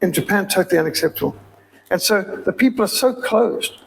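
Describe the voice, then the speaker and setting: A man's voice: high voice, a little fast, gravelly, a little hiss or hum, poor audio. A man with a Rhodesian accent giving an emphatic, preacherly sermon-style appeal as a missionary speaker. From Zimbabwe.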